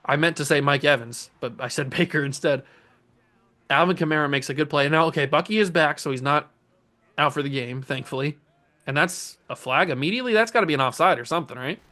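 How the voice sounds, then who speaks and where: A young man casually commentating his own video game play as a channel host, excitable and jokey, talking to the players on screen. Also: on the high side, fairly quick. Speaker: gaming YouTuber host.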